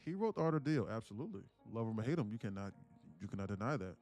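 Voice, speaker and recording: A man talking to his live-stream audience in a rambling, excitable way, repeating himself and swearing. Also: fairly low pitch, very fast, soft background music. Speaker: day trading streamer. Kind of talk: casual live-stream commentary.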